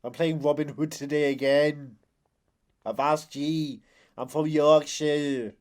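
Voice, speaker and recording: A man putting on a loud, slow, overblown impression of a boastful male movie star playing a villain. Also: a little high, steady tone, close to an everyday voice. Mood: hammy.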